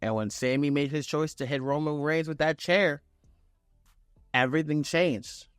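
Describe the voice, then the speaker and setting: A young man giving a casual, excited wrestling show recap, acting out quotes with loose swearing. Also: a little high, moderate pace, clean tone, dry recording, studio quality, faint music behind.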